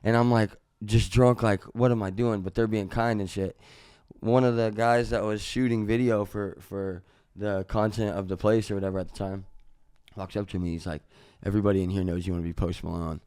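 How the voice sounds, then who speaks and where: A man from Missouri, a musician guest on a podcast, telling a story in a casual, profane way. He jumps into loud re-enactments of what was said. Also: fairly low pitch, fairly even intonation, fairly quick, clear, resonant tone, dry recording, studio quality. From Missouri, USA.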